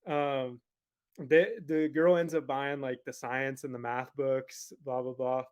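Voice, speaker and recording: A young man on a podcast over a video call, telling a funny sales story in a relaxed, laughing way and swearing now and then. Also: mid-range voice, slow pace, clean tone. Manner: laid-back, laughing, swears casually. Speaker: podcast guest. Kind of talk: casual storytelling.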